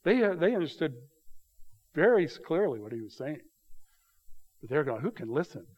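A man's voice: a little high, big pitch swings, moderate pace. Man preaching a conversational sermon, muffled. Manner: conversational preaching, reads scripture aloud with rising emphasis. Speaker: pastor.

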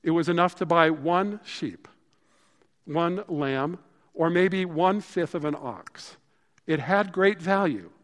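A man preaching a sermon in a casual, conversational way, growing animated and then dropping to a hushed voice for emphasis. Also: fairly high pitch, takes it slowly, long reverb tail. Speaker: pastor.

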